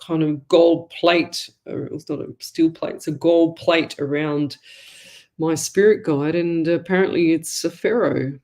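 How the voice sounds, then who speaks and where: A woman's voice: sits low, steady tone, a little slow, darkish tone. A woman hosting a live online show as a psychic medium, giving rambling, chatty readings to listeners.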